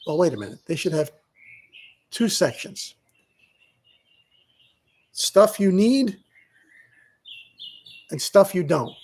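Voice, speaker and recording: A middle-aged man chats casually in his own vlog, rambling and laughing at himself. His voice sits high for a man and has a husky, gravelly edge. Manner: rambling, self-mocking, laughing often. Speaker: vlogger.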